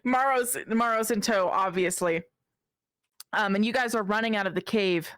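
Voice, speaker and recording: A woman narrating as game master of a tabletop game, measured with small hesitations. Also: mid-range voice, fairly bright tone, no room sound, studio quality.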